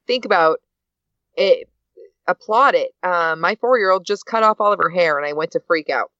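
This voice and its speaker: A middle-aged woman chatting casually, telling a lively story and acting out quoted voices. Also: normal speed, dry recording, lo-fi sound. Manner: animated storyteller, acts out quoted lines with big pitch jumps. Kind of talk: casual chat.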